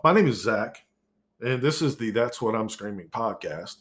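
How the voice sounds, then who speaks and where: A man's voice: lowish voice, animated, measured pace. A man hosting his own podcast, ranting profanely and sarcastically about the news, over-caffeinated. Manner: profane, exasperated, sarcastic, loud outbursts. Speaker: podcast host. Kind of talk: solo podcast rant.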